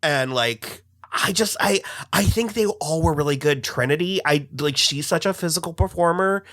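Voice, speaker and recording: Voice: medium pitch, normal speed, fairly bright tone, dry recording, studio quality. A co-host in a casual reaction chat, talking enthusiastically and sometimes groping for words.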